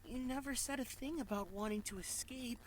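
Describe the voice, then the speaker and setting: A performer voicing a gentle, worried young palace boy who sounds tearful and pleading, for a visual novel read aloud. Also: medium pitch, moderate pace, slight background noise, natural voice. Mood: worried, tender.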